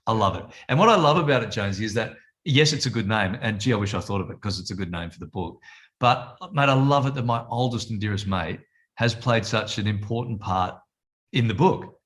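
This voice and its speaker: A man's voice: on the low side, brisk. A man in his fifties with an Australian accent, a TV presenter telling stories as a guest in a casual chat. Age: 50s. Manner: jokey storyteller, animated retelling of conversations. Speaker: television presenter and author, guest.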